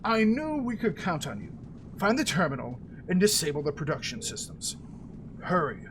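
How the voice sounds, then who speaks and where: A man reading out a game quest giver's lines, a brisk officer handing out orders. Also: fairly high pitch, sing-song, background noise. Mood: urgent. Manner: reading quest text aloud in a lightly acted voice.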